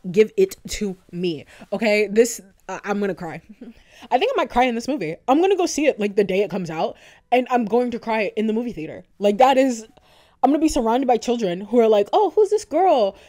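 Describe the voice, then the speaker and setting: A woman's voice: a little high, animated, quick pace, darkish tone. Gushing young woman fan vlogger. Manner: gushing, rambling, laughs often. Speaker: YouTuber. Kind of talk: casual fan commentary.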